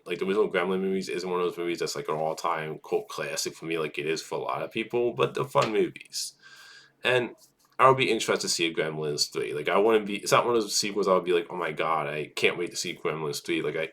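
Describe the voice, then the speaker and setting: Deep-voiced rambling man vlogger. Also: a bit bright. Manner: rambling, filler-heavy with frequent "like" and restarts. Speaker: movie news vlogger. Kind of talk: casual film news commentary.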